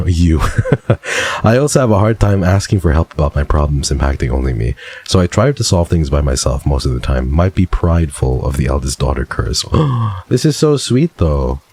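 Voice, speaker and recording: Deep, husky male streamer. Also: expressive, moderate pace, darkish tone. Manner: playful, dramatic, swears casually. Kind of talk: casual chat, reading viewer submissions.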